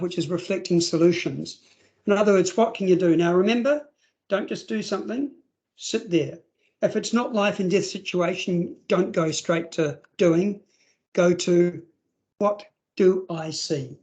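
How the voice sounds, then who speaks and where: A man's voice: high voice, darkish tone. A man presenting a webinar for foster carers in a conversational way, acting out scenarios and using plenty of fillers. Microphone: video call.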